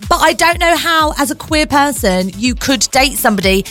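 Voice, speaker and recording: Animated ranting radio co-host woman. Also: high-pitched, normal speed, faint music behind. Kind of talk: breakfast radio chat.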